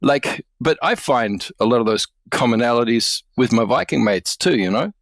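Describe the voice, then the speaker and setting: A man's voice: medium pitch, lively intonation, moderate pace, dry recording, clean studio sound. A man from far North Queensland, a guest speaking in an easygoing, loose way with fillers and laughs. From far North Queensland, Australia. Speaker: guest, academic and author. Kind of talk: casual conversation.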